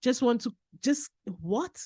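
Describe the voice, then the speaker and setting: A woman from Lucia, a podcast guest telling personal stories in a lively way, laughing and repeating key phrases. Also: a little high, slow pace, slightly rough, dry recording, clean studio sound. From Saint Lucia. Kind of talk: casual personal storytelling.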